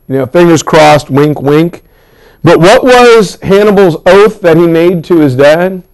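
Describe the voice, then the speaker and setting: A man teaching a history class, telling the story with lively asides and acted-out quotes. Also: fairly high pitch, unhurried, rough recording. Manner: animated storytelling with pop-culture asides. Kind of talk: classroom lecture.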